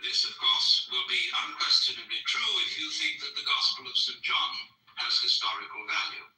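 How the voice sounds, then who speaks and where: A man's voice: medium pitch, wildly swooping pitch, normal speed, sharp tone, a little hiss or hum. A man giving a public lecture to an audience, witty and discursive, telling stories. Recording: roomy hall, mic far off.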